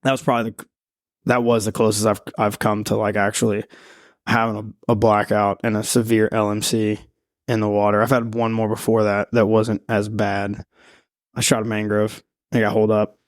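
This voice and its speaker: A man who teaches freediving and spearfishing, telling a long story in a podcast interview in a rambling, animated way with laughs and restarts. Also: fairly low pitch, moderate pace, no echo, clean studio sound.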